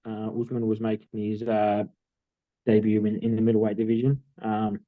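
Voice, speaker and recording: A young Australian man co-hosting a podcast, telling stories in a relaxed way with many fillers. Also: lowish voice, normal speed, no room sound, phone-quality sound. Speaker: podcast co-host. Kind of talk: casual chat.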